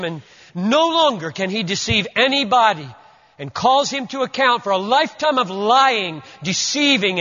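A man with a somewhat high voice delivers a sermon from the pulpit, swinging between emphatic stresses and quiet asides. The sound is dull and lo-fi, with a long reverb trailing off the walls of a church sanctuary. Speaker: pastor. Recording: muffled lo-fi recording in an echoey hall.

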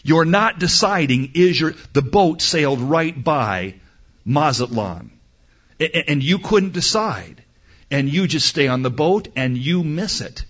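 A man's voice: on the high side, lively intonation, a little slow, fairly bright tone, husky, muffled recording. A man preaching a sermon to a crowd in an outdoor amphitheater, emphatic and building, often acting out doubtful listeners' replies.

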